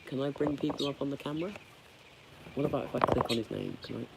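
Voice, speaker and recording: A man chatting candidly on a live stream, rambling and halting. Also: medium pitch, steady tone, creaky, very noisy. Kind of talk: casual live stream chat.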